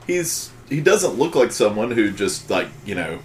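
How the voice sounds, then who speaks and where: A man on a movie podcast, talking in halting bursts and restarting his thoughts. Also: lowish voice, very animated, a little hiss or hum. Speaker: podcast co-host. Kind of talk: casual movie discussion.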